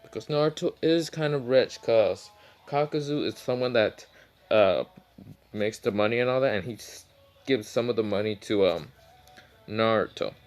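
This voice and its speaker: A man's voice: fairly low pitch, moderate pace, darkish tone, soft background music. A man casually retelling his own fan-fiction story, rambling with many fillers and side remarks.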